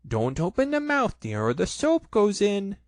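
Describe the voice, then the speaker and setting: A man's voice: high voice, wildly swooping pitch, unhurried, dry recording, clean studio sound, pitched above the performer's own voice, heavily acted. A man voicing a motherly female kangaroo in a storybook reading, cheerful, soothing and firm.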